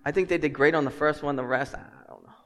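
A man preaching a sermon as pastor. He swings from hushed, earnest passages to loud, emphatic ones and jokes with the congregation. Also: on the high side, fast talker. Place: church sanctuary. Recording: long reverb of a large hall.

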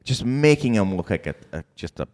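Deep-voiced man in casual podcast chat. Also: sing-song, a little fast, darkish tone. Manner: rambling, laughs often, recaps scenes with quoted lines. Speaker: podcast host.

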